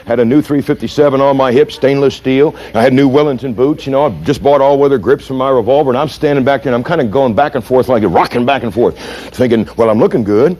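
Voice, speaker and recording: A man's voice: mid-range voice, fast, hardly any pauses. A man from the United States who trains police, telling stories in a lecture and quizzing his audience. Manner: animated, punchy storyteller who asks the audience questions. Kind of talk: storytelling lecture.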